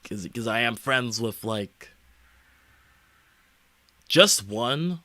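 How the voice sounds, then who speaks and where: A young man streaming, talking casually in a rambling, halting way full of fillers and restarts. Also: mid-range voice, lively intonation, bright, forceful tone, no room sound. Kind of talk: casual livestream chat.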